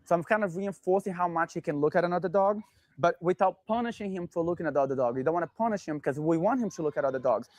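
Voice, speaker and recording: Man, dog trainer, calm instructive tone, short commands, dry sound. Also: a little high, fast talker, dry recording.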